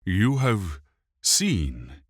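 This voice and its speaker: A man's voice: low-pitched, big pitch swings, very slow, slightly rough, no echo, clean studio sound, heavily acted. A man voicing a proud, grieving elf prince regent who speaks haughtily and spits out his anger. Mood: cold. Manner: haughty, sharp, spitting anger.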